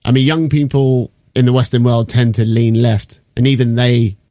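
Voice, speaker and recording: A man's voice: mid-range voice, flat delivery, normal speed, dark tone, no echo, clean studio sound. A man, hosting a casual podcast and walking through political background with jokes and the odd swear word. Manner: explains background at length, sweary and joking. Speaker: podcast host.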